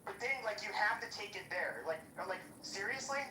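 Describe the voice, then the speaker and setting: A woman's voice: mid-range voice, lively intonation, moderate pace. A woman hosting, delivering a heated, profane, mocking call-out of a rival. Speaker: podcast host. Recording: roomy, distant, faint noise.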